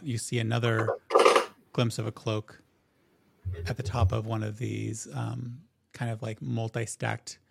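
Man, game master, gravelly, husky, relaxed scene-setting. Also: lowish voice. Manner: relaxed, descriptive, with frequent restarts. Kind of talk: narrating a tabletop game.

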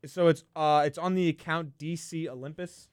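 Smooth young man chatting about movies. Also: a little high, fairly even intonation, normal speed, dry recording, studio quality. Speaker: podcast co-host. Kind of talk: casual chat about movies.

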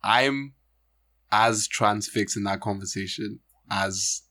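A man co-hosting a casual film podcast, talking in a relaxed, easygoing way. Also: on the low side, slow pace. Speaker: podcast co-host. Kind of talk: casual chat.

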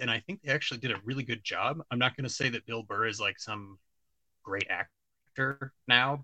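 Forceful man, casual opinionated podcast chat. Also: medium pitch, no room sound, low-quality recording. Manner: rambling, lots of "like" and restarts, opinionated. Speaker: podcast co-host. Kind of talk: casual pop-culture discussion.

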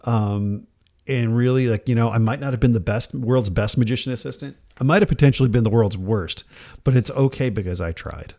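A man on a casual podcast telling an animated story, acting out the people in it and laughing often. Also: medium pitch, brisk. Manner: acts out quoted voices, laughs often, restarts. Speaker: podcast co-host.

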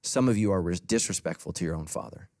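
Before a congregation in a church, a male pastor delivers his sermon as a fast talker. He speaks emphatically, alternating booming, punchy lines with quiet, low asides.

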